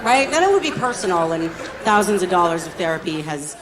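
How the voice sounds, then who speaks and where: A woman's voice: fairly low pitch, very animated, brisk, crowd noise, rough recording. A woman doing a stand-up comedy set, brash and profane in a chatty way. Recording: live audience laughter.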